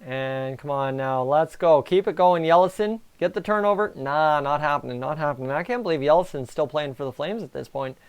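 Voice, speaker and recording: A Canadian man hosting a live stream, giving excitable, chatty reaction commentary on a hockey game and talking to his viewers. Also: on the high side, a little fast, hardly any pauses, clean tone. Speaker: livestream host.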